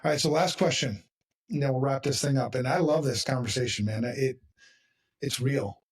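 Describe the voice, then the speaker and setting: A man's voice: mid-range voice, normal speed, breathy edge, recorded from a distance. A man hosting a podcast in casual chat, talking bluntly and with emphasis, swearing freely. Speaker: podcast host.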